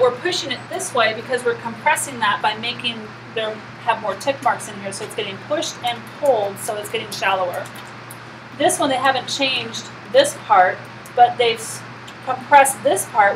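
A woman's voice: a little high, noisy background. A woman teaching a math class, lecturing and asking the students questions she often answers herself.

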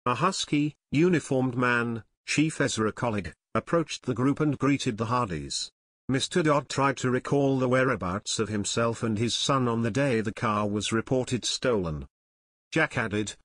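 A man narrating an unabridged youth mystery audiobook in an even reading. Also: mid-range voice, moderate pace, no echo. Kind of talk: scripted narration.

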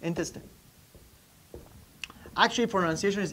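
A man's voice: on the high side, moderate pace, pauses often, fairly bright tone, slight background noise. A man teaching anatomy to a live class, asking students questions and repeating key terms while writing on the board. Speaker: anatomy instructor. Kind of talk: classroom lecture.

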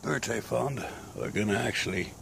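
Man, unwell and breathless, rough crackly voice, casual outdoor vlog, faint background noise. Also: lowish voice, animated, normal speed, fairly bright tone. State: sick and short of breath. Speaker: vlogger. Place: outdoors in a garden grove.

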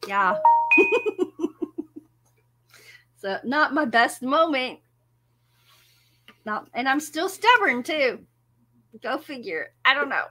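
A woman with a bright, fairly high voice tells a story in a relaxed, unhurried way. She laughs often and pokes fun at herself while chatting with her audience. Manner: laughs often, animated and self-mocking. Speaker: music channel host. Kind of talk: casual storytelling to a live audience.

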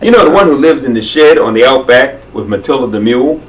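A man's voice: medium pitch, animated. A man reading a children's story aloud in a leisurely way, drawing out his phrases, heard from a distance. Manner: unhurried, with leisurely drawn-out phrasing.

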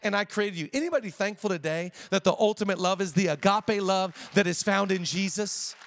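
A man's voice: high voice, fairly quick, big-room sound. A middle-aged male pastor preaching a conversational sermon, repeating phrases and joking with the congregation. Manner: conversational preaching with repetitions and jokes. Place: church auditorium.

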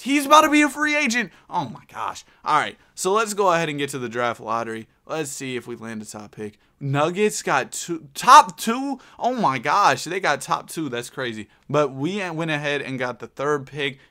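A man commentating on a video game with a bright, forceful voice. He talks excitably, stammers over his words, and swings from low grumbling to loud, yelled outbursts. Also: moderate pace, few pauses. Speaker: gaming YouTuber.

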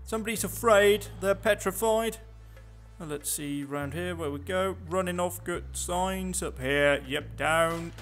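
Soft music plays behind a gameplay commentator whose voice sits high and a bit bright, moving at a measured pace. His casual let's play commentary is sarcastic and chatty, mostly muttered to himself.

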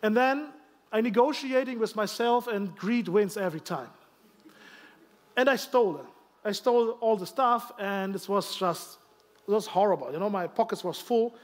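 A man from Germany with a German accent, a guest pastor preaching in halting English with self-deprecating humor and many restarts. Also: sits high. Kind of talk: sermon with personal stories. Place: church sanctuary.

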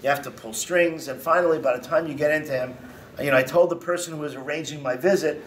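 Animated rabbi lecturing from a distance. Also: male voice, fairly high pitch, fast talker, a little hiss or hum. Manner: animated storytelling, rising emphatic repetitions. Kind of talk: lecture to a congregation. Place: synagogue hall.

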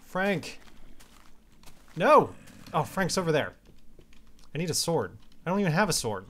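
A man hosting a casual gaming video, chatty and playful, reading out player messages and shouting now and then. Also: on the high side, big pitch swings, a little fast. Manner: chatty and playful, bursts into yells. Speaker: Minecraft server host reading player messages.

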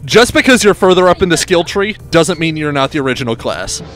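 A man's voice: fairly high pitch, brisk, over music. A man chatting casually and jokily while streaming a multiplayer game. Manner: excitable, jokey, laughing. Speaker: gamer streamer. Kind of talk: casual gameplay chat.

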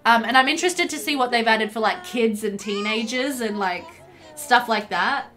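A woman's voice: fairly high pitch, moderate pace, pushed and bright. A young woman streaming a life-sim game, commenting as she plays and scolding the characters on screen in exasperation. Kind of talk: live gameplay commentary. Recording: faint game music underneath. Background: faint game music.

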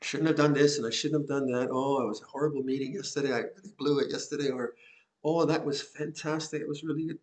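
An older man, a Buddhist monk, giving a gentle, reflective Dhamma talk with soft laughs and repeated phrases. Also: mid-range voice, fairly even intonation, quick pace. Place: monastery hall.

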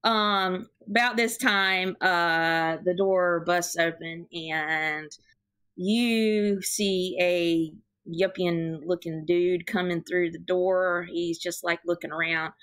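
A woman narrating as game master of a tabletop game, giggly and halting, with many fillers. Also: on the low side, fairly even intonation, a bit bright, smooth.

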